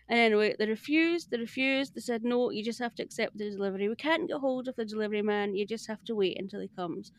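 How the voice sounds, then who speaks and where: A woman's voice: fairly high pitch, fast, hardly any pauses, no echo. A Scottish woman, a podcast guest, telling a story in casual chat and acting out both sides of the conversation. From Scotland.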